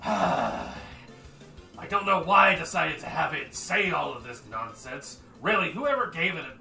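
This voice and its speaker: Man doing a high, screeching, angry metal scorpion; distant mic, music underneath. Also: animated, moderate pace, creaky, exaggerated voice. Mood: irritated. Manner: shouting, menacing threats. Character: giant ranting metal scorpion construct, furious. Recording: roomy and distant, music behind.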